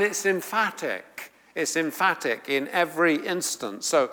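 A middle-aged man teaching a sermon on the Beatitudes, halting with fillers and restarts, rising emphatically when he quotes scripture. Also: on the high side, animated, sharp tone. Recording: long reverb of a hall.

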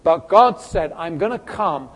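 A man lecturing a class, telling an illustration in an animated, conversational way, with asides to his students. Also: on the high side, measured pace, slightly rough. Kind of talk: classroom teaching with an extended illustration.

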